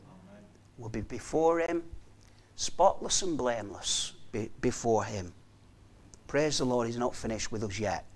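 A man preaching a sermon earnestly, repeating key phrases for emphasis and often dropping to a soft, quiet delivery. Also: mid-range voice, animated, unhurried, long pauses.

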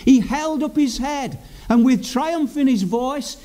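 Slow, mellow-voiced male preacher. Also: extremely high pitch. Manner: earnest, emphatic, repeating key phrases. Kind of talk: sermon.

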